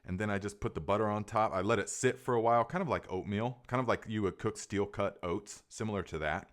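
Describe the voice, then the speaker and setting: A middle-aged man chats through a live gardening Q&A with a slightly low voice. He rambles with easy enthusiasm and trips over his own restarts and fillers. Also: fast talker. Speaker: gardening podcast host. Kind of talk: casual live Q&A chat.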